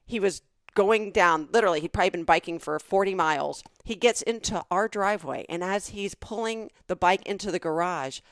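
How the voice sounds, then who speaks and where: A middle-aged woman with a Southern American accent speaks in a somewhat low voice, recorded dry and close. She builds her anecdotes with animated detail, as a comedy podcast co-host. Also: a little fast, few pauses, no echo. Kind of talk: casual comedic chat.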